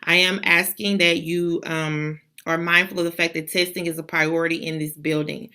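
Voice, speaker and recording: A woman's voice: fairly low pitch, flat delivery, moderate pace, bright, forceful tone, clean tone. A woman school principal giving a motivational address to students and staff over a video call, emphatic and repetitive like a preacher.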